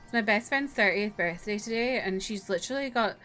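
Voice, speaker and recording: A young woman streaming a game, chatting casually, blunt and quick to swear and laugh, with game music behind. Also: mid-range voice, a bit bright. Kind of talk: casual playthrough commentary.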